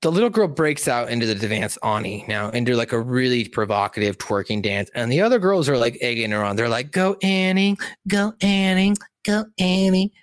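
A man casually recapping a film's plot out loud in a rambling, profane, animated way, seated indoors. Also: medium pitch, a little fast, few pauses, no echo, clean studio sound. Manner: animated, rambling, profane storytelling with many asides. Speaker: movie recap commentator. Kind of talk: casual spoken film recap.

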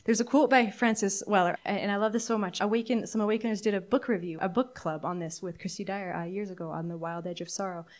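A middle-aged woman preaching a sermon, earnest and candid, reflective, with halting restarts. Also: mid-range voice, fairly even intonation. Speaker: pastor.

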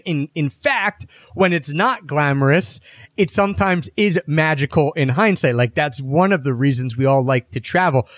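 A man hosting a travel podcast interview, joking with his guests and asking lively questions. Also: fairly high pitch, normal speed, no echo. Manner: playful, joking, animated questions. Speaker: podcast host.

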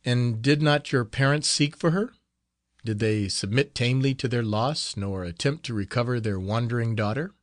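A man's voice: medium pitch, normal speed, dry recording, clean studio sound, natural voice. A man voicing a middle-aged friar in an audiobook, speaking in an earnest, fatherly, reassuring manner. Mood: questioning. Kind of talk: audiobook character reading.

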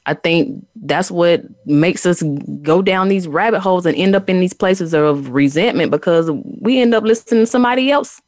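A woman's voice: on the low side, normal speed, hardly any pauses, darkish tone, no echo, studio quality. A woman hosting an interview, supportive and affirming as she shares her view. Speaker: interview host. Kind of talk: conversational interview.

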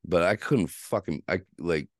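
A man with an extremely low, deep voice tells a story on his podcast, swearing freely and ranting. He acts out the back-and-forth of each conversation. The sound is dry and close to the mic. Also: a little slow, dry recording. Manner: ranting, heavy swearing, quotes himself in dialogue. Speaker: podcast host. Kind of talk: casual profane storytelling.

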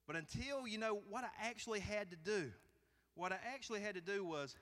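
A high-voiced, bright-toned man preaching. He keeps it folksy and conversational and jokes with the congregation. His voice rings through a church sanctuary with a long reverb tail. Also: a little fast. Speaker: pastor. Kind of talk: sermon.

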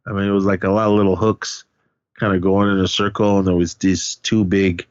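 A man's voice: low-pitched, little pitch movement, fairly quick, no echo, muffled recording. A man casually retelling a horror film's plot, rambling with lots of fillers. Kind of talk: casual film recap.

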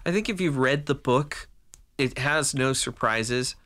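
A man co-hosting a casual podcast chat about movies, animated and laughing often, with frequent swearing. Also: mid-range voice, unhurried. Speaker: podcast co-host.

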